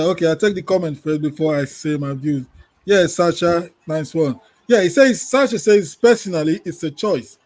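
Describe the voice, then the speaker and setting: A man with a high but mellow voice sits on a podcast panel, reading out a listener comment and then sharing his views. His delivery is relaxed and conversational. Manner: relaxed, reads listener comments aloud and then gives opinions. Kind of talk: casual panel discussion.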